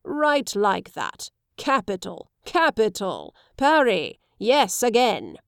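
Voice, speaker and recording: A woman voicing an older father who teaches swordplay, brisk and commanding. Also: medium pitch, huge pitch swings, clear, resonant tone, no room sound, clean studio sound, full character voice.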